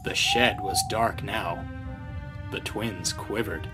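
A man's voice: fairly low pitch, takes it slowly. A man reading a children's train story aloud in a storyteller style. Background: background music.

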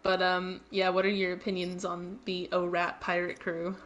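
A woman's voice: on the low side, completely flat delivery, moderate pace, a bit bright, lo-fi sound. A young woman co-hosting a game live stream, reading out chat and teasing her friend with frequent giggles.

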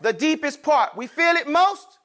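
A man's voice: very high voice, measured pace. A man teaching Arabic letters to a class, asking questions and calling on students, with casual slang asides. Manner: lively, calls on students, asks and answers his own questions. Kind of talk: classroom lesson.

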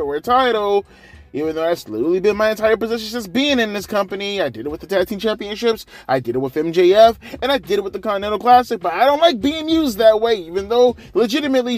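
A pompous male wrestler with fake British airs, as a man puts him on, snooty and muddled. The affected voice rides well above a normal speaking pitch and swings around in prissy rises. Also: no room sound. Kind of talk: mocking impression in a rant.

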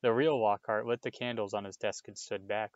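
A man reading a children's novel aloud in a steady, measured way. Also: lowish voice, no room sound, dull audio. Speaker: reader. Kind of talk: audiobook read-aloud.

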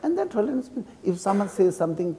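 A man who is a Buddhist monk, speaking English with a Tibetan accent as a second language. He teaches a class in halting English and keeps checking in with his students by asking "okay?". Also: sits high, sing-song, warm tone, slight background noise. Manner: acts out insults and praise with a laugh. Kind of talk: dharma class lecture. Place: teaching room in a cultural center. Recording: reverberant hall.

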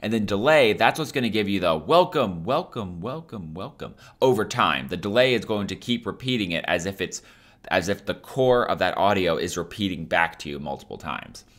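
A man hosting a software tutorial, explaining each step in a casual, upbeat way. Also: low voice, lively intonation, fairly quick. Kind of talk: screen-recorded software tutorial.

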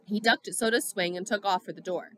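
A woman narrating a novel in the first person with steady storytelling. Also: mid-range voice, fast. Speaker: audiobook reader.

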